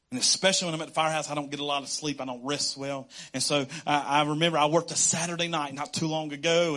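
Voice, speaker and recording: A man preaching a casual, conversational sermon as a pastor, animated and quick to laugh. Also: on the high side. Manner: animated, conversational, laughs often, acts out quotes.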